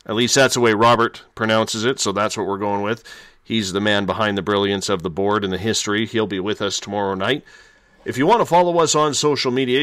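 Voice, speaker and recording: A man's voice: lowish voice, a bit bright, no room sound. A man hosting a live late-night radio talk show, upbeat and chatty as he reads plugs and interviews a guest. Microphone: studio microphone.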